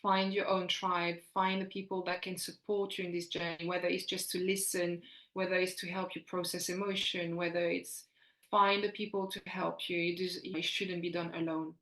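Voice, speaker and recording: A woman's voice: lowish voice, flat delivery, moderate pace, fairly bright tone. A woman in her forties, a fertility coach speaking as a podcast guest, earnest and encouraging, often restarting her sentences. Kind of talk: earnest podcast interview talk. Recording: roomy echo.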